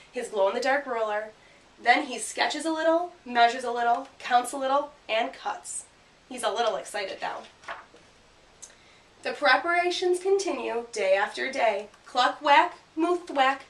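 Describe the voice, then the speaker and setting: A woman teacher giving a grammar lesson and reading a picture book aloud, speaking clearly and punching out the sound words. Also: fairly high pitch, fairly bright tone. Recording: roomy sound from a distant mic.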